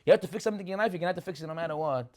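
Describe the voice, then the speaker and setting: This male rabbi's Torah class is chatty and animated, full of character voices and rhetorical questions as he tells the stories. He speaks rapid-fire in a slightly high, slightly mellow voice.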